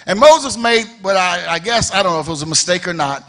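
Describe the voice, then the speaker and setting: A man preaching a sermon as pastor in a church, firing rhetorical questions, repeating phrases and building to shouted emphasis. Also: high-pitched, expressive, fast talker. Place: church sanctuary.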